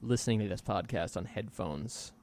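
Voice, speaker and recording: A man's voice: lowish voice, normal speed, a little mellow. A man co-hosting a podcast in casual chat, sarcastic and incredulous, swearing freely. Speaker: podcast co-host.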